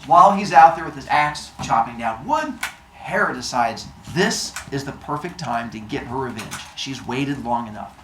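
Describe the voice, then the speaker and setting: A man's voice: mid-range voice, expressive, normal speed, noisy background. A man casually and playfully retelling a myth for laughs, adding silly sound effects, recorded in a roomy space. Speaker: storyteller.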